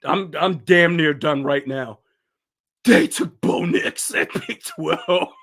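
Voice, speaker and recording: A man's voice: a little high, slow, a bit bright. A man hosting a casual livestream, reacting with incredulous exclamations and bursts of laughter. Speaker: livestream host.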